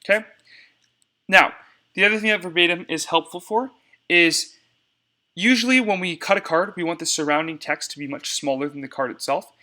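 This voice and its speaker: A man's voice: high-pitched, normal speed, bright, forceful tone. A young man giving a casual step-by-step screencast tutorial on cutting debate cards, talking to viewers as y'all.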